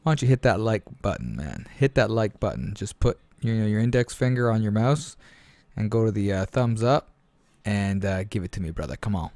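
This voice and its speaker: A man's voice: lowish voice, animated, normal speed, warm tone, dry recording. Hyped man signing off, dry sound. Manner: hyped and playful. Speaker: host. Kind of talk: gaming video outro.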